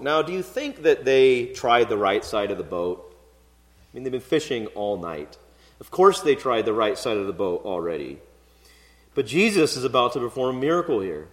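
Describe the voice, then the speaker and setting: Man preaching in an echoing hall. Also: mid-range voice. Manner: conversational, relaxed storytelling with occasional fillers. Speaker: pastor. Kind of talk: expository sermon. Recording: long hall reverb.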